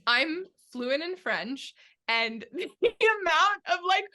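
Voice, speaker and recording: A woman's voice: sits high, slow. A young woman guest on a film podcast, chatting casually and telling stories with lots of laughter. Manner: animated, laughing storyteller.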